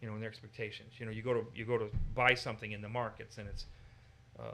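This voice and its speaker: An American man with a bright, forceful voice teaches in an easygoing discussion. He is animated and lively, and now and then he slips into exaggerated voices to make a point. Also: fairly low pitch, racing, slight background noise. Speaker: Bible teacher.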